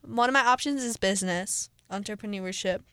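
A teenage girl co-hosting a school radio show, chatting casually and giggling between quick asides. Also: medium pitch, a bit bright, clean tone, no room sound. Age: teens. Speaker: student radio co-host. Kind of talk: casual chat.

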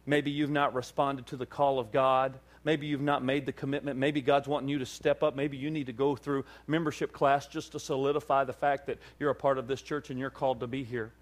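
Man, pastor, sermon delivery; animated storyteller who acts out dialogue; mid-range voice. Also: medium pitch, brisk, few pauses. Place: church service.

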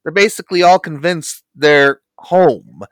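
A man co-hosting a podcast, recapping a cartoon episode with lively storytelling and wry asides. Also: a little high, a little slow, clear, resonant tone, no room sound. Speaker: podcast co-host.

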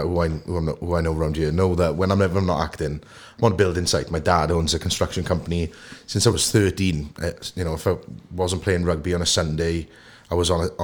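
A young man with a Welsh accent and a lowish voice, spinning stories on a podcast. He talks in a lively, animated way, slipping into the voices of people he quotes. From Wales. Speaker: guest actor. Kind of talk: casual podcast storytelling.

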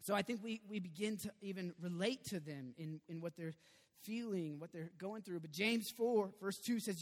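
A man preaching a sermon in an animated, conversational way with sudden loud bursts, in a church sanctuary. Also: sits high, normal speed. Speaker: pastor. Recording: long reverb of a large hall.

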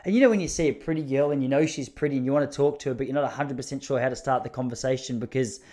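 An Australian man telling funny stories in a loose, meandering way, often poking fun at himself. His voice sits at an ordinary mid pitch. He sounds casual and chatty, like he is talking to listeners on a podcast. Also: rapid-fire, dark tone. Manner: rambling, self-mocking, chatty. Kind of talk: casual comic storytelling monologue.

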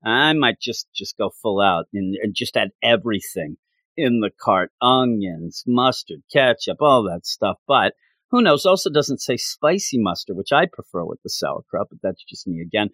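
A man's voice: on the low side, animated, moderate pace, a bit bright, no echo. A man casually reviewing a comic issue, chatty and full of opinionated asides.

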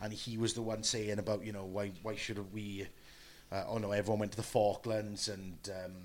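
A man with a Welsh accent, an actor chatting casually and telling lively anecdotes. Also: on the low side, quick pace. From Wales. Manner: chatty storyteller, animated. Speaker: actor and podcast guest. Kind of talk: casual chat.

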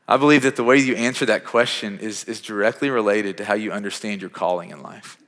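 A man's voice: lowish voice, quick pace, fairly bright tone. A man, a pastor preaching a sermon in a conversational way, often repeating words as he starts a phrase and building to emphatic peaks. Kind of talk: sermon with personal story. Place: church sanctuary. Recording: long hall reverb in church.

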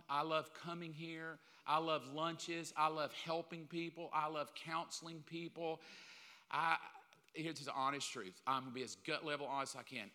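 Pastor, male, fifties, high bright voice, candid jokey sermon, church hall reverb. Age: 50s. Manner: candid, joking, acts out little scenes.

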